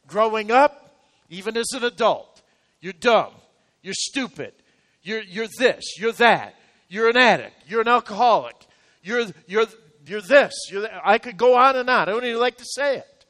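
Male pastor, high voice, echoing church hall, hammering sermon points. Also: lively intonation, moderate pace, a bit bright. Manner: emphatic, repetitive exhortation.

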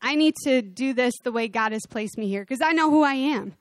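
An eager young shepherd boy speaks up earnestly, fairly high and bright in tone, as a woman preacher plays him. Close, dry sound. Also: a little fast, dry recording, close to an everyday voice. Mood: determined. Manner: earnest, questioning.

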